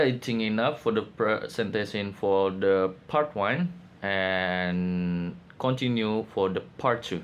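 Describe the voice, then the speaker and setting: A man presenting a class project, reading out his slides haltingly with frequent pauses and fillers. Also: on the low side, a little hiss or hum. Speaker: student presenter.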